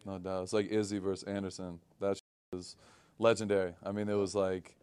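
A man hosting a podcast, chatting casually and agreeing quickly with his guest. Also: low voice, flat delivery, a little mellow, clean tone. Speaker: podcast host.

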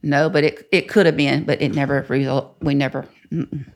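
An older woman with a low-sitting voice speaks fairly quickly, telling her story candidly in an interview. She is blunt, swears freely, and acts out what other people said in lively voices.

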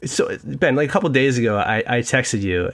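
A young man co-hosting a casual sports podcast from home, telling animated stories and laughing often. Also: mid-range voice, moderate pace, gravelly. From United States. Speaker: podcast co-host.

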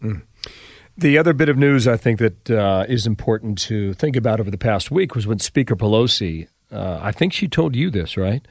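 Lively male podcast host, dry sound. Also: fairly low pitch, normal speed, no echo. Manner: probing questions, lively emphasis. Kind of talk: podcast interview.

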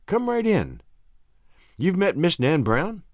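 Man doing a young hostess, high lilting voice, gracious, demure, dry recording. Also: huge pitch swings, slow, dry recording, full character voice. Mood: welcoming. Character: lively young woman hostess, clever and gentle.

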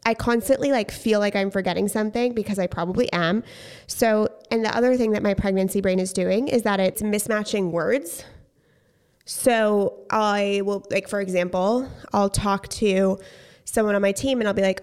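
A woman's voice: mid-range voice, steady tone, moderate pace, darkish tone, clear, resonant tone. Chatty pregnant woman on a podcast. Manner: chatty, candid, swears casually. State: pregnant, gets out of breath. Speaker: podcast co-host. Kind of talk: casual podcast chat.

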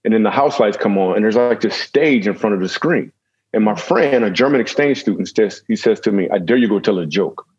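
A man's voice: fairly low pitch, brisk, husky, muffled recording. A man, a comedian guest, telling a humorous story in conversation with jokey, self-deprecating asides.

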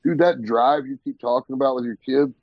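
A man's voice: medium pitch, brisk, no echo, muffled recording. A man in casual podcast chat, reminiscing agreeably about childhood. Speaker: podcast co-host.

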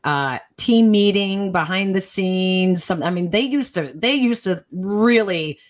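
A woman hosting a podcast, asking questions in a casual, warm interview manner. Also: mid-range voice, measured pace. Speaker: podcast host.

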